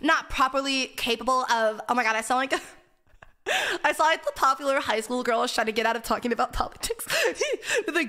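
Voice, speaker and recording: A woman's voice: high-pitched, lively intonation, moderate pace, sharp tone. A woman streamer chatting casually in a giggly, playful, joking way. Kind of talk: casual chat.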